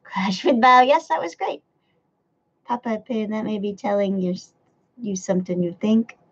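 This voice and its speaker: A woman's voice: mid-range voice, normal speed, husky, dull audio. A woman, live-streaming from home and chatting casually as she reads out her chat, swearing and laughing often. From United States. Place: home room near a window.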